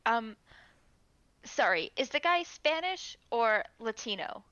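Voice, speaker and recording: Bright, playful woman chatting. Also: a little high, big pitch swings, slow pace, clear, resonant tone, no echo, lo-fi sound. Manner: playful, joking. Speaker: co-player on a game stream. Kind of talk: casual chat.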